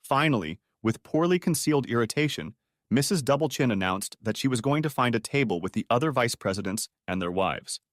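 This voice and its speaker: A man narrating a story audiobook in a steady, even storytelling manner. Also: mid-range voice, brisk, no room sound, studio quality.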